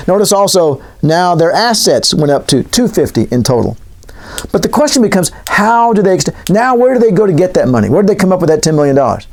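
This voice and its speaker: A man's voice: fairly high pitch, darkish tone. A man teaching in a casual, joking lecture style, wandering into asides. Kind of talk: classroom lecture.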